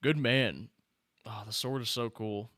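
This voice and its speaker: A man hosting a live stream, chatting casually and reacting excitedly to the screen and his chat. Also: medium pitch, a little slow, no room sound, studio quality. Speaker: streamer host.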